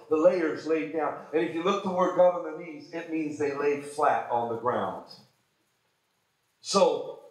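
A man preaching a sermon as pastor, fervent, swinging between shouted exhortations and low, quiet asides. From United States. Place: church sanctuary. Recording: very echoey church hall.

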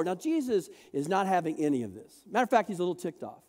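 A man preaches to his congregation in a high, bouncy voice that swoops up and down as he acts out the people in his stories. He jokes with the room and gets them to say words back to him. The sound rings with the long reverb of a big church hall. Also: big pitch swings, fast talker, few pauses, darkish tone. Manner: jokey, asks the congregation to repeat words. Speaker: pastor. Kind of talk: sermon.

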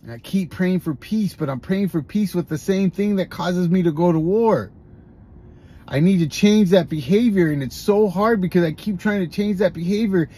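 A man with a high-pitched, somewhat rough voice and a dark tone speaks at a normal pace. He's an adult podcast host with a grown son, giving a candid, confessional monologue about recovery and often restarting his sentences.

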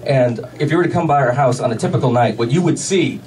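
A man doing a stand-up comedy set, delivering deadpan one-liners with pauses for laughs. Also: medium pitch. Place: comedy club stage with a laughing audience. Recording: distant club recording with loud crowd noise.

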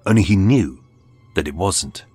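Low, husky dramatic male narrator. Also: animated, mellow. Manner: dramatic, measured storytelling. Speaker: podcast narrator. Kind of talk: scripted true-crime narration. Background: faint music.

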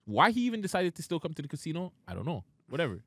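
A man co-hosting a podcast, telling a story in casual, profane chat and loudly acting out the quotes. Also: on the high side, big pitch swings, rapid-fire, husky, dry recording. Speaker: podcast co-host.

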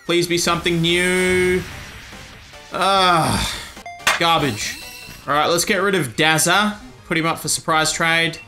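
A man's voice: a little high, slow, bright, forceful tone, soft background music. A man giving crude, joking let's-play commentary over a video game. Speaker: YouTube gamer.

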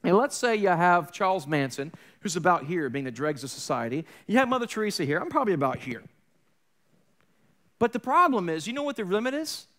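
A man preaching an Easter sermon, telling stories and acting out the voices in them, swinging from loud to soft. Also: high voice, big pitch swings, a little fast. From New York area. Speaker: pastor.

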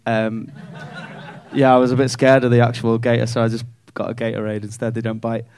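A man's voice: mid-range voice, monotone, fairly quick, a little mellow, a little hiss or hum. A male stand-up comedian, doing cheeky, sweary crowd work from a comedy club stage.

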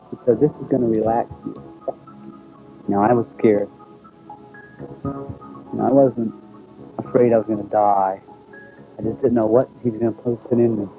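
A man telling his own experience in a documentary, recalling it in halting, unpolished speech with restarts. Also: medium pitch, phone-quality sound, faint music behind. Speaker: eyewitness recounting his experience. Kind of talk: first-person testimony in a documentary.

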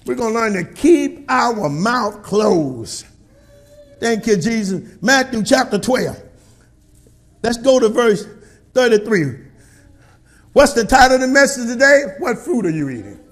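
With an extremely high-pitched voice, a middle-aged pastor preaches to his church congregation, animated yet slow, pausing often. He calls for responses and shouts frequently.

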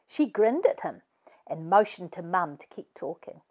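Woman voicing an animated mum, lively swooping voice, storybook. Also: fairly low pitch, moderate pace. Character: lively storytelling mother of many.

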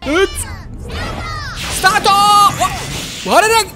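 A woman hosting a gaming channel, giving excitable let's play commentary and talking to viewers as "guys". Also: very high-pitched, slow, shouting, music in the background.

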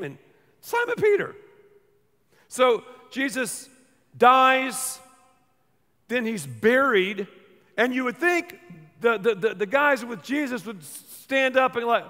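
A man with a high, bright voice preaches to a congregation, playful and animated as he acts out the people in the story. His voice rings out with a long echo, like in a big auditorium. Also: unhurried. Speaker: pastor. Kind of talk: sermon with live painting.

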